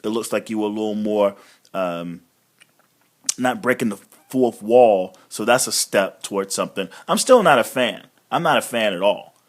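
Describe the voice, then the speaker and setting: A man's voice: lowish voice, lively intonation, moderate pace. A man giving a casual, rambling recap of a wrestling show, blunt and swearing freely. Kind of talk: casual profane recap monologue.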